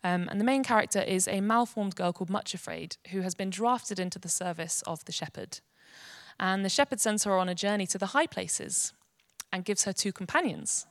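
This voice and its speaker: A woman giving an earnest, gentle devotional teaching. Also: medium pitch, normal speed, dry recording, clean studio sound. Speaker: Bible teacher.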